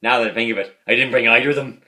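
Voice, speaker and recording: A man's voice: medium pitch, steady tone, very fast, pushed and bright. A man voicing a dim, cheerful young male priest who speaks in a simple, earnest way. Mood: dopey.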